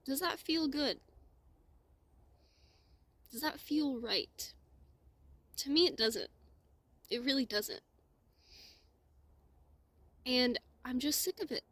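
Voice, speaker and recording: Woman, slow, somewhat high voice, heartfelt monologue, near tears, slips into soft whispers. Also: expressive, no room sound. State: close to tears. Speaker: spiritual vlogger. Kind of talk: emotional personal monologue.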